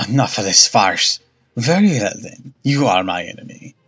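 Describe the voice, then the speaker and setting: A hate-filled young witch who barks harsh commands, played by a man. The tone is husky, over dull, muffled sound, with faint game music underneath. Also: lowish voice, big pitch swings, normal speed, fairly bright tone, heavily acted. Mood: commanding. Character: vengeful young woman, a witch full of hatred. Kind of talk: game dialogue read aloud with voices.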